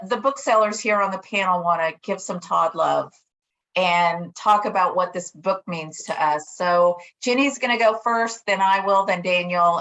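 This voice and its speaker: A woman hosting a virtual book event over a video call, speaking haltingly with many fillers. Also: lowish voice, vocal fry, a bit bright. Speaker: host. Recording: dull lo-fi video-call audio.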